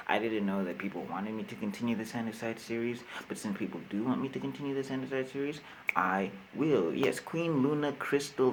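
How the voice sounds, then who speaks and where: A man's voice: lowish voice, slight background noise, low-quality recording. A man hosting a reaction video, chatting casually and rambling a little to his viewers. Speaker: YouTube reactor.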